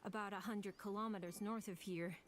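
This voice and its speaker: An actress with a Midwestern American accent voicing a matter-of-fact shipwreck researcher in a game. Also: female voice, medium pitch, steady tone, a little fast, crowd noise, lightly acted. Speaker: expedition researcher.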